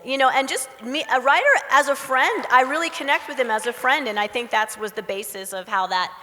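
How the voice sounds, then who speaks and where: A woman's voice: high voice, a little fast, bright, forceful tone, long reverb tail. A woman on a convention panel speaking earnestly and saying "you know" often. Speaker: actress on a panel. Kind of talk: panel talk.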